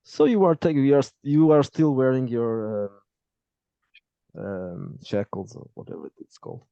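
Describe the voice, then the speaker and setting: Man, game master, halting, restarts, mellow, dry, muffled lo-fi. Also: medium pitch, animated, smooth, dry recording. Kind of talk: narrating a tabletop game.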